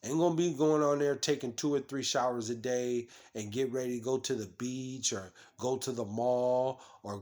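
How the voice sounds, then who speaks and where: A man with a mid-range voice preaches from scripture, reading passages and commenting on them with repetitive scolding. His speech is full of restarts and fillers that trip him up.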